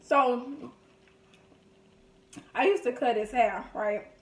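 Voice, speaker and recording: A woman vlogger with a higher-pitched voice speaks slowly, sitting far from the mic in an echoey room with a faint hiss or hum. Chatting through a casual food video, she reminisces about family stories and acts out the people she quotes in lively voices.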